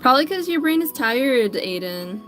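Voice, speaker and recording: A woman's voice: sits high, very animated, moderate pace, a bit bright, faint music behind. A woman artist chatting casually on a livestream while she draws, greeting viewers by name in an upbeat, chatty way. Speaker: digital artist streamer.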